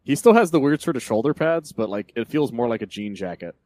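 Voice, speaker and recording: A man's voice: mid-range voice, animated, a little fast, darkish tone, no room sound. Guy rambling about comics on a podcast, laughs a lot, dead dry sound. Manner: rambling, laughs often, many restarts. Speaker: podcast co-host. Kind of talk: casual chat about comics.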